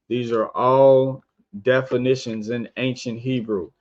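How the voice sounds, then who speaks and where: Man, podcast teacher, informal scripture lesson, rhetorical questions, letter-by-letter spelling, dull lo-fi sound. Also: mid-range voice. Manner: quizzes listeners with repeated rhetorical questions; spells out letters slowly, one by one. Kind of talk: informal religious teaching over a screen share. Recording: dull lo-fi stream audio.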